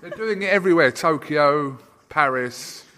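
A man's voice: on the high side, animated, a little slow, a crowd in the background. A man interviewing a guest in casual, teasing banter. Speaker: sports interviewer.

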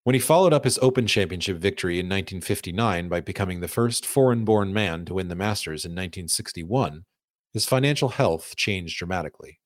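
A man narrating a scripted documentary podcast at a measured pace, reading quotes aloud in his own voice. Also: low-pitched, expressive, no echo, studio quality.

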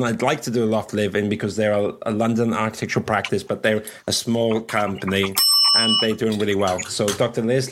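Chatty Welsh host, rambling. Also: male voice, lowish voice. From Wales. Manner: chatty, rambling, laughs often. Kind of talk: casual livestream chat.

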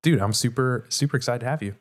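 A man's voice: mid-range voice, quick pace. A man hosting a podcast, chatting in an upbeat, enthusiastic way. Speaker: podcast host. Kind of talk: casual podcast interview.

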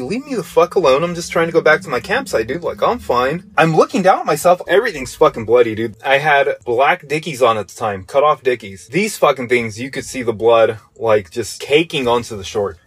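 Husky male podcast host, casual profane storyteller, mid-pitched, faint music underneath. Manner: profane, jokey, exaggerating.

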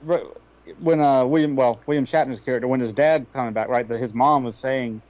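A man chatting casually about a movie on a podcast, making quick, jokey asides. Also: mid-range voice, darkish tone, lo-fi sound. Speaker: podcast co-host.

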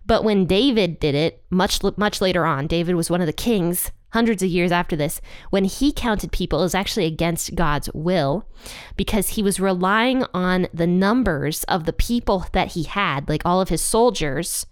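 A woman teaching a casual Bible lesson, chatty and self-deprecating, slowing down to stress key points. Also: on the low side, clear, resonant tone, no echo, clean studio sound. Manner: chatty, laughs at herself, slows down to stress points.

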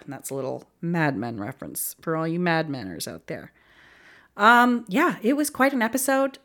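A woman's voice: on the low side, sing-song, moderate pace, a bit bright. A young woman hosting a solo podcast, talking casually and emotionally with lots of fillers and laughs. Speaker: podcast host.

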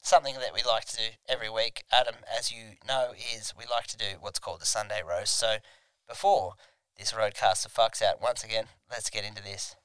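A man's voice: on the low side, steady tone, fairly quick, hardly any pauses, a bit bright, smooth, no room sound. A young Australian man hosting a casual comedy podcast, rambling and crude as he tells stories. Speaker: podcast host.

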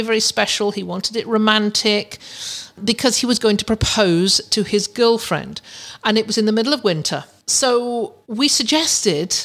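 A woman hosting a podcast, giving casual advice in a chatty way with many restarts and fillers. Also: medium pitch. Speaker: podcast host.

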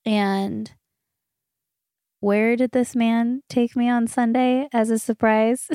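A woman's voice: fairly high pitch, fairly even intonation, very slow, long pauses, a little mellow, clean tone, no echo, clean studio sound. A woman, hosting a solo podcast in casual chat. She gushes, laughs often and swears freely. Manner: chatty, gushing, laughs often. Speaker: podcast host.

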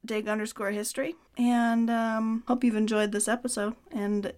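Giggly woman co-hosting a podcast, a little high. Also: level tone, normal speed, darkish tone. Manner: giggly, playful banter. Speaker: podcast co-host. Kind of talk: casual chat.

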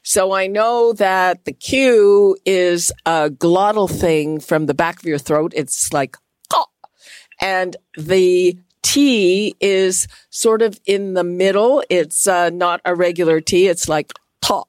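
Slow, measured woman radio host. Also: fairly low pitch, darkish tone, clear, resonant tone, dry recording. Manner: measured, precise about pronunciation. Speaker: radio talk show host. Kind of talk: radio interview.

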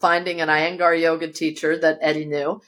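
Recorded in her yoga studio, a woman interviewee speaks at a normal speed in a low-pitched, fairly bright voice with little pitch movement. She tells a personal story vividly, acting out the voices of the people in it.

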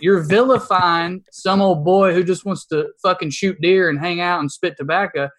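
A man's voice: high-pitched, normal speed, a bit bright. A man with an Appalachian accent, talking in a fired-up, profane, emphatic way in casual podcast chat. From Appalachia, East Tennessee. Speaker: comedian guest.

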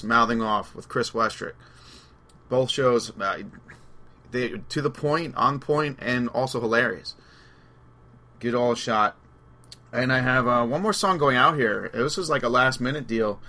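Male podcast host, bright and forward voice, loose conversational storytelling. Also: mid-range voice. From Long Island, New York. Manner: chatty storyteller, laughs through anecdotes. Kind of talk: casual chat.

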